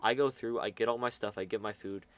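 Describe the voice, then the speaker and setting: Rambling teenage boy, low voice. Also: fairly even intonation, quick pace. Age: teens. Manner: rambling, filler-heavy storytelling. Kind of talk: casual chat.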